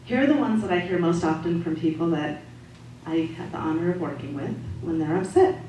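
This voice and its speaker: A woman giving a calm, measured, gently instructive Sunday talk to a congregation, as a spiritual practitioner. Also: fairly low pitch. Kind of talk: sermon-style talk to a congregation. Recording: echoey hall audio from far off, faint noise.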